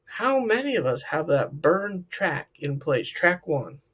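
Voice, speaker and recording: A man's voice: fairly high pitch, sing-song, unhurried, a bit bright, slightly rough. A man working as a therapist, giving a reflective talk to camera, asking many questions and often repeating words. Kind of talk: talk to camera about emotional health.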